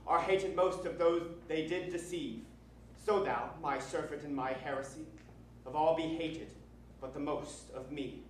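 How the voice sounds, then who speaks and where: A man's voice: a little high, slight background noise, lightly acted. A teenage boy playing a lovestruck young nobleman on stage, in earnest verse. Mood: resolute. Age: teens. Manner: earnest verse delivery, softening to intimate. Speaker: stage actor. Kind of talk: stage Shakespeare acting. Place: school theater stage. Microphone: distant room mic. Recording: echoey stage from far off.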